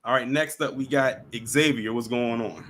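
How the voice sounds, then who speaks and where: Give me a man with a bright, forceful voice hosting a casual live stream and bringing callers up. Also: mid-range voice, moderate pace, a little hiss or hum. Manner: relaxed, chatty, laughs along with callers.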